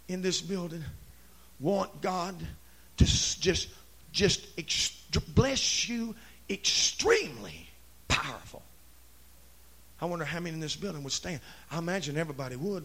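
A man preaching a Pentecostal revival sermon, shouting in rising bursts. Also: a little high, vocal fry, slight background noise. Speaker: pastor.

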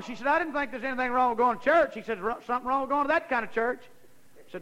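A man's voice: very high-pitched, very fast, fairly bright tone, rough recording. A man preaching a sermon, telling a folksy story that rises into fervent preaching.

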